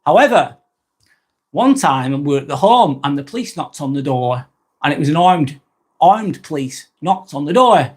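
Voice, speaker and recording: A man's voice: a little high, lively intonation, moderate pace, breathy edge. An English man hosting a live vlog, reading out chat comments in a casual, rambling way with repeats and fillers. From England. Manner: rambling, repeats himself, frequent ums.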